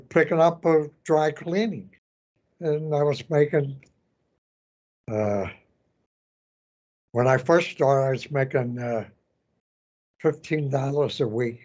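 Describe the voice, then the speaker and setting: An elderly man in his nineties, a veteran telling his story in an oral history interview, halting and repeating words as he goes. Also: medium pitch, a little mellow, lo-fi sound. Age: 90s. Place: veterans center room.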